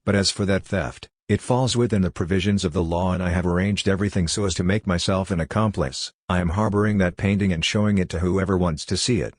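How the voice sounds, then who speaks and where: A man with a low, deep voice reads a literary novel aloud as a first-person monologue. His delivery is measured and deliberate. The sound is dry and close, with no room around it. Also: fairly even intonation, dry recording. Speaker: audiobook reader. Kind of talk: literary audiobook narration.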